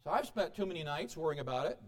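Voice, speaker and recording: Animated preacher man with a lively voice. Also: a little high, quick pace. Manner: animated, swinging between loud exclamation and quiet asides. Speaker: pastor. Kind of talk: sermon. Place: church.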